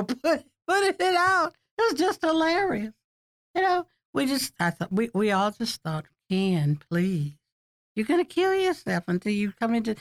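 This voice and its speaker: An older woman speaking in a fairly high voice, reminiscing at length in an interview. She tells stories in a chatty way and often breaks into laughter. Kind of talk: oral history interview.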